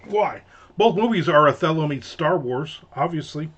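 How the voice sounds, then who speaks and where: A man telling a casual, exasperated story with animated voices and free swearing. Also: fairly high pitch, moderate pace, breathy edge, muffled recording. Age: adult.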